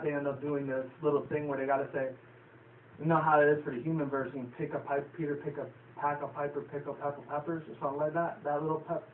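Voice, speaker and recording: Male vlogger, casual rambling recap, profane, chuckly; tinny phone-like audio with faint background hiss. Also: fairly high pitch. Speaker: vlogger reviewing a cartoon episode. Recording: tinny lo-fi, echoey, distant from the mic.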